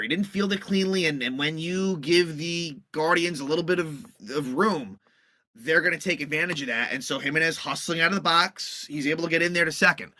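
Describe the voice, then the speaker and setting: A man's voice: a little high, bright, forceful tone, dry recording, clean studio sound. A man hosting a sports podcast, recapping a baseball game in a casual, rambling way with many fillers and restarts.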